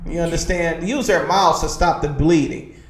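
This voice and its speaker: Leading a streamed religious class over a livestream computer mic, a man with a notably high voice preaches forcefully at a moderate pace. He drives each point home, keeps asking "you understand?", and often says "man." His voice rings around an echoey room.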